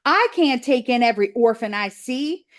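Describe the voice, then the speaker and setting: A bossy, suspicious old goose scolds and lectures, as a woman teacher reads her lines aloud. She rattles off advice briskly, with a sharp, no-nonsense edge. It is a children's storybook read-aloud. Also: a little high, expressive, pitched above the performer's own voice, close to an everyday voice. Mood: scolding.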